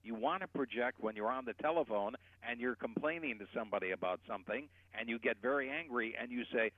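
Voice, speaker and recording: Man, voice coach guest, tinny phone line, dry sound, animated, demonstrating projection. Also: mid-range voice, fast talker, hardly any pauses, no room sound. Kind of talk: explaining and demonstrating voice technique. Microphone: telephone.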